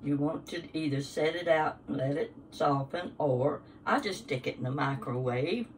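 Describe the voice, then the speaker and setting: In her home kitchen, an older woman hosts a casual cooking demonstration, chatting in a homespun way as she works through a recipe. Her low voice moves at normal speed, recorded from a distance and somewhat off-mic, with slight background noise. Dishes and utensils clink amid the kitchen sounds.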